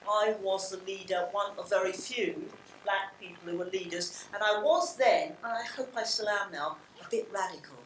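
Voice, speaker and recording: A woman's voice: medium pitch, moderate pace, hardly any pauses, a little hiss or hum. Older London woman, casual and blunt, lots of restarts, echoey hall, off-mic. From England. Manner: blunt, reflective, with many restarts. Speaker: panel speaker. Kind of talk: public talk. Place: large hall. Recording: roomy hall sound from a distance.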